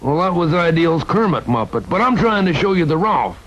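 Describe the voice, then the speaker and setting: A man voicing a friendly puppet dog pitching a toy, chatty and a bit flustered. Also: big pitch swings, fairly quick, a bit bright. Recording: dull lo-fi vintage TV audio.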